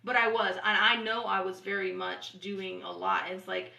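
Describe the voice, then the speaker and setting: A woman talking casually to camera about spiritual healing, earnest and rambling, swearing freely and repeating soft affirmations. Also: medium pitch, steady tone, normal speed, creaky. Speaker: spiritual channeler and vlogger. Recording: echoey room.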